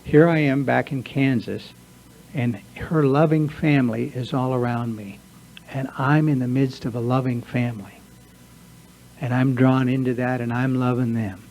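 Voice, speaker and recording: A man's voice: mid-range voice, steady tone, normal speed, a little mellow, slight background noise, rough recording. A man giving an earnest, confessional talk to a recovery workshop, sometimes acting out his own inner voice. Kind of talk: personal talk to a recovery group. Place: meeting room.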